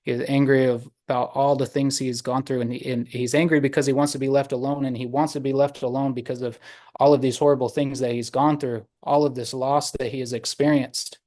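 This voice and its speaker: A man telling a traditional story to an online audience, unhurried, with many pauses and fillers. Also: mid-range voice, level tone, dark tone. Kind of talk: oral storytelling. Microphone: video call.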